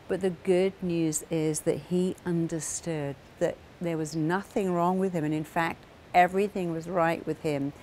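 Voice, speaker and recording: A woman's voice: fairly low pitch, fairly even intonation, moderate pace, few pauses, a little mellow, slight background noise. A middle-aged woman therapist speaking earnestly to camera, acting out the voices of parents and clients as she tells their stories. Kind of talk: talking to camera about therapy.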